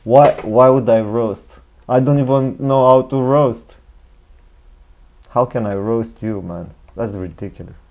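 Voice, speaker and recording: A man's voice: medium pitch, a little slow, darkish tone. A middle-aged man with a non-native accent, hosting a casual reaction show, chatty and profane, laughing often. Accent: non-native English. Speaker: host reacting to a video.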